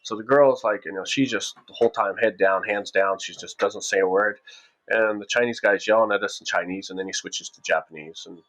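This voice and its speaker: A man's voice: lowish voice, a little fast, fairly bright tone. A man casually telling a story from his own past, rambling with frequent restarts and acting out what people said.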